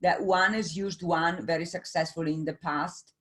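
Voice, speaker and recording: A woman hosting an online meeting over a video call, halting and encouraging as she talks. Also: lowish voice, steady tone. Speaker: host of online business meeting. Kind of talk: casual video-call chat.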